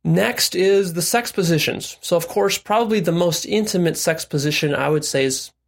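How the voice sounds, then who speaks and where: A man's voice: a little high, normal speed, creaky. A man giving frank, direct relationship and sex advice in a casual monologue, explaining step by step with "right?" asides.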